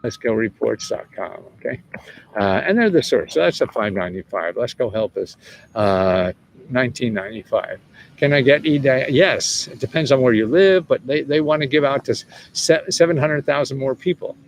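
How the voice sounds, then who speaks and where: Gravelly chuckling man in his seventies. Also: mid-range voice, animated, moderate pace, slight background noise. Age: 70s. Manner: rambling and chuckling, with frequent restarts and swearing. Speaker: host answering viewers' questions about government money. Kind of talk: casual livestream chat.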